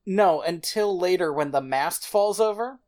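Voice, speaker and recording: Woman chatting about a movie on a podcast, kinda dry and wry, lowish voice. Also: animated, measured pace, darkish tone. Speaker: podcast co-host. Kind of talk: casual movie review chat.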